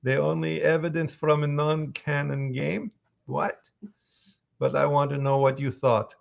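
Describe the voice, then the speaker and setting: A man's voice: a little high, level tone, a little slow, vocal fry. A man, a voice actor, chatting casually with fans on a livestream and telling stories as he answers questions. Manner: chatty and storytelling.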